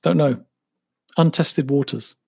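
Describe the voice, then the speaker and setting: A motorcycle YouTuber in his thirties from the Cambridge area of England answers viewer questions on a live stream, chatting casually and poking fun at himself in his local English accent. His voice is a little high and unhurried, slightly rough and mellow, with some vocal fry.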